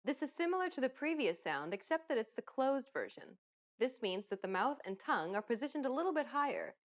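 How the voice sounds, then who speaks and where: A woman narrating a pronunciation lesson in a clear, explanatory, encouraging way. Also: high-pitched, very animated, fairly quick.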